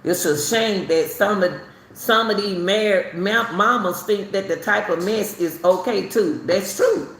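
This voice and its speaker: A middle-aged woman from Chicago tells her own story in a casual, animated way, laughing often and repeating herself. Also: mid-range voice, measured pace. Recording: roomy echo, faint ambience.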